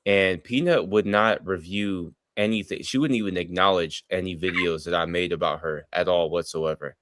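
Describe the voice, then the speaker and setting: A man with a lowish voice talks over a call mic in a dry, close sound. He jokes bluntly and swears freely in casual banter. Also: moderate pace, fairly bright tone, dry recording. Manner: joking, blunt, profane banter. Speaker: streamer. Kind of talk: casual group chat on a livestream.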